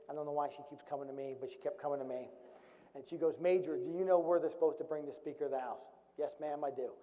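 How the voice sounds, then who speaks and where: A middle-aged man, a retired Marine officer, telling a serious story from his service in a storytelling talk, with wry, dry humor. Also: on the high side. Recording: dull recording with long hall reverb.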